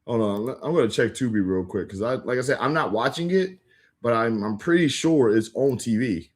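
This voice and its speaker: A young man chatting casually with viewers on a livestream, rambling with lots of filler words and quick restarts. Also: mid-range voice, animated. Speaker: livestream host. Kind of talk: casual live-stream chat with viewers.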